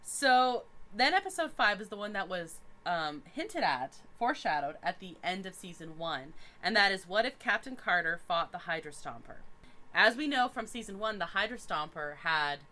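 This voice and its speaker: A woman's voice: mid-range voice, lively intonation, normal speed, bright, forceful tone. A woman from Canada co-hosting a podcast, chatting with upbeat enthusiasm. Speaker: podcast co-host and writing teacher. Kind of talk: casual chat.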